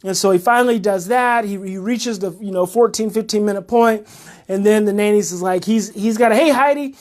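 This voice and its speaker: A parenting educator delivers a casual monologue, her mid-range voice moving a little fast. She's animated, repeating phrases and getting worked up as she goes.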